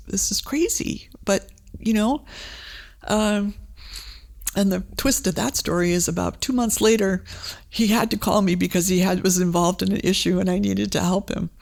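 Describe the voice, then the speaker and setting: A middle-aged woman from Maine tells a story as an interview guest, her mid-pitched voice carrying a gravelly, fried texture. She talks loosely, restarting sentences and acting out what others said. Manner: animated, frequent fillers and restarts, acts out quoted voices. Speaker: guest, advertising agency CEO and former state representative.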